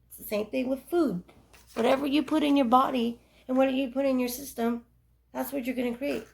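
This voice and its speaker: A woman's voice: high voice, steady tone, fairly quick, creaky. A young adult woman giving earnest, rambling life advice in a casual monologue. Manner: earnest, preachy, rambling with restarts.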